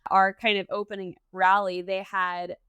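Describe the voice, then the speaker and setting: A woman's voice: mid-range voice, level tone, normal speed, sharp tone, smooth, no echo. A woman co-hosting a podcast, chatting enthusiastically and conversationally, often with a "you know.". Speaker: podcast co-host.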